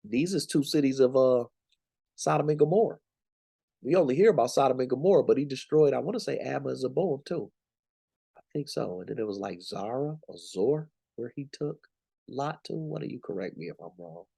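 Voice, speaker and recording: A man's voice: medium pitch, lively intonation, brisk, vocal fry, warm tone, breathy edge. A young man teaching scripture in a casual, slangy, emphatic way, from the United States. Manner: conversational, preachy, slangy and emphatic. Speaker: Bible teacher.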